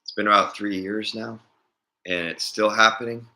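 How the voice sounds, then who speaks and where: Bright-voiced man rambling casually. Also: on the low side, fairly even intonation, moderate pace. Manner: rambling, chuckling often. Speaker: vlogger. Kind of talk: casual chat.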